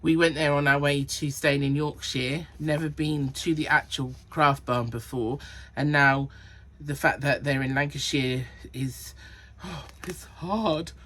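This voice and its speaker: Chatty woman knitting podcaster, husky voice. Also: rumbling low, little pitch movement, a little slow, a bit bright. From Cornwall. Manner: chatty, counts stitches under her breath, self-correcting. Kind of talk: casual chat.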